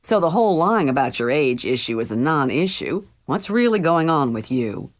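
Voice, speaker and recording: A chatty, theatrical teen boy, as a woman reader puts him on, teasing and gushing at his friend. The voice sits low and a touch deeper than the narration. It is a storybook character read aloud for an audiobook. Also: big pitch swings, normal speed.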